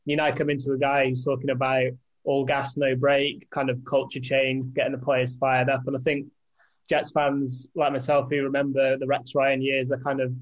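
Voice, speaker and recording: A man co-hosting a sports podcast, rambling through his opinions and joking about his own monotone. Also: mid-range voice, moderate pace, muffled recording. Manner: flat-toned, rambling, self-deprecating. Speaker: podcast co-host, editor. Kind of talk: casual sports podcast chat.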